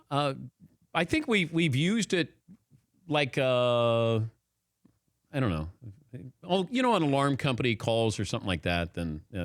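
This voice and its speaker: A playful male sports radio host with a lively, swinging pitch. He jokes with his crew close to a studio mic, the sound dry and clean. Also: dry recording. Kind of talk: casual sports talk radio. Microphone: studio microphone.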